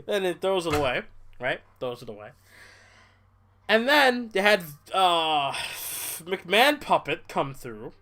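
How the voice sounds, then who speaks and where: A man's voice: a little high, measured pace, pauses often. A young man casually reviewing a wrestling show on a livestream, rambling, swearing and tired from little sleep. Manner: rambling, animated, swears, mimics people in quotes.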